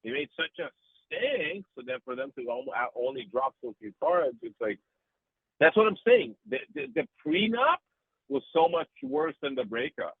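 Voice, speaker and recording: Husky man rambling on a tinny line. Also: fairly high pitch, normal speed, no echo. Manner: animated, profane, rambling. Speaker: interview guest. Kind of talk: casual interview chat. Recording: dry, tinny phone-like line.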